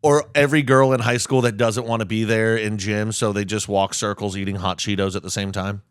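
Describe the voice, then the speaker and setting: A man's voice: on the low side, fairly even intonation, smooth, dry recording, clean studio sound. Man making crude, joking quips. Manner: crude, joking, quick comebacks. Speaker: podcast co-host. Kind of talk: casual chat.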